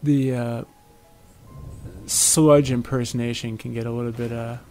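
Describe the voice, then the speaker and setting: A man's voice: mid-range voice, steady tone, a little slow, darkish tone, soft background music. A man giving casual, chatty commentary on his own moves as he plays a video game. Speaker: gameplay commentator.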